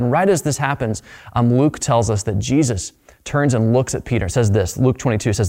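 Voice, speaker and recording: A man preaching to his congregation with earnest, halting storytelling. His pitch sits at an ordinary middle level. His words ring out with a long reverb from the church sanctuary. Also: a little mellow. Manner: earnest storytelling, repeats words and restarts phrases. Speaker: pastor. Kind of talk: sermon.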